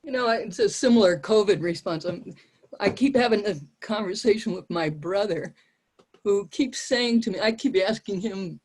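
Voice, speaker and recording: Woman on video call telling a story about her family, exasperated, middle pitch. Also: normal speed, darkish tone, slightly rough. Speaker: meeting participant.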